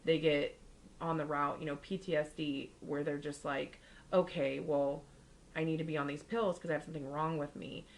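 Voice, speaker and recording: A young woman co-hosts a podcast at a moderate pace with little pitch movement overall, on a rough recording. Yet as a chatty storyteller in casual chat, she acts out the people she quotes with big jumps in pitch.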